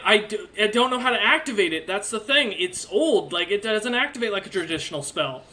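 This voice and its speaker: A flustered young kid, stammering and tripping over his words in a high, bright voice, as a man puts him on. He is a nervous tabletop-game character out of his depth. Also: animated, a little fast. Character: nervous young male kid with a magic item.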